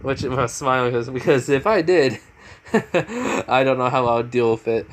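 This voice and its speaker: A man making up a fan story out loud as he goes, rambling and restarting his sentences. His voice is at an average pitch, and a faint hiss runs underneath. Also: expressive, unhurried. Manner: rambling, many fillers and restarts. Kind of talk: improvised fan fiction narration.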